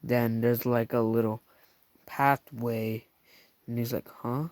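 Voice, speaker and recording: A man's voice: mid-range voice, monotone, slow pace, darkish tone, no echo. A man casually recapping a show scene by scene, rambling and chatty, adding his own sound effects. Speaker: show reviewer.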